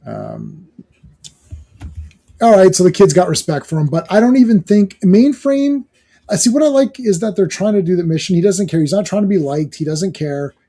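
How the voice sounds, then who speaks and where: A man's voice: high voice, lively intonation, normal speed, warm tone. A man in his thirties co-hosting a casual talk show about comic books, rambling and acting out lines from the pages. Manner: rambling, acts out quotes from the comic. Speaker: podcast co-host. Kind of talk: casual comic book discussion.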